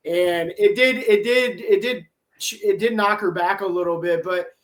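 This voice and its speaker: A man, a tournament angler, telling an animated, wry story on a podcast. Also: high-pitched, moderate pace.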